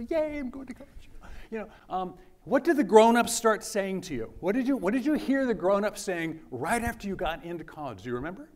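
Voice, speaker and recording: A middle-aged man with a high voice gives a talk to an audience, loose and joking. He keeps quizzing the room as he goes. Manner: conversational, jokey, quizzing the audience. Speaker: university lecturer. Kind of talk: lecture to an audience.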